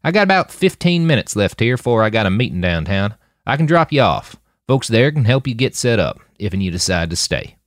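A man voicing a gruff older country man in his fifties with a thick drawl, blunt and grunting. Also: on the low side, big pitch swings, brisk, few pauses, no echo, studio quality.

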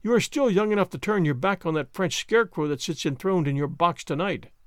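Male narrator voicing a brusque hearty noblewoman, lively pitch, no-nonsense. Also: brisk, clear, resonant tone, dry recording, clean studio sound. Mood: blunt. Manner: brusque, vehement. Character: bluff blunt English noblewoman, jockey-like manner.

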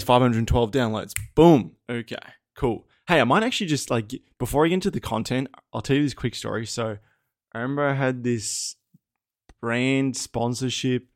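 A man's voice: medium pitch, dry recording, studio quality. A young Australian man hosting his own podcast, telling stories in a candid, casual way, swearing freely and laughing often. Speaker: podcast host. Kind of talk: casual solo podcast storytelling.

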